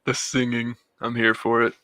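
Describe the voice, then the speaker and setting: A man's voice: medium pitch, monotone, normal speed, bright, forceful tone, dry recording, rough recording. A young adult man, a guest musician, chatting loosely and rambling about his own music. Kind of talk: casual interview chat.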